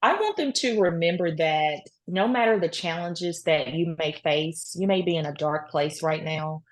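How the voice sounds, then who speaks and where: A woman's voice: fairly low pitch, moderate pace. A woman guest in an interview, telling her story earnestly with many "you know"s. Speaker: guest, cancer survivor. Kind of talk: casual interview talk.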